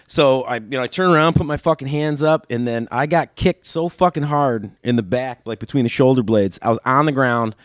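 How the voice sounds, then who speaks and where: A man's voice: mid-range voice, brisk, hardly any pauses, dry recording. A man telling a story casually in a podcast studio, rambling and swearing heavily, and acting out what other people said. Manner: profane and rambling, acts out others' lines.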